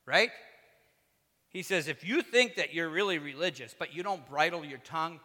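Male preacher, bright slightly high voice, fervent then hushed, reverberant church hall. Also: lively intonation, moderate pace. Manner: earnest, rising to fervent emphasis then dropping low. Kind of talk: sermon. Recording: echoey hall.

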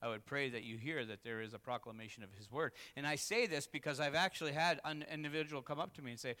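A man's voice: medium pitch, quick pace, few pauses, bright, forceful tone. Man preaching a candid sermon in a hall. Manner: candid, confessional, rises to emphatic peaks. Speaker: pastor. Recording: long reverb in a hall.

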